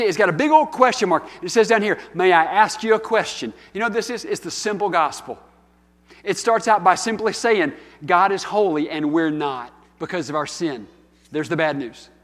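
A man's voice: high-pitched, lively intonation, moderate pace, fairly bright tone. A man in his fifties, a pastor preaching a sermon in a storytelling, conversational style that rises into emphatic calls. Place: church hall. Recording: long hall reverb.

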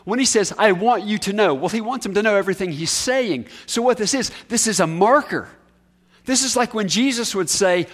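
A male preacher with a high voice delivers a sermon in a conversational way, often turning to ask the listeners questions. He leans hard on key words, then drops to a near hush to let a point land. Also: animated, normal speed. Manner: emphatic, swings from raised highs to hushed lows.

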